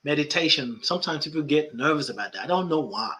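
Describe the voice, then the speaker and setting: A man's voice: on the high side, lively intonation, quick pace, sharp tone. A man hosting a spiritual coaching podcast, emphatic and repeating key phrases, with playful asides. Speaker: life coach and podcast host.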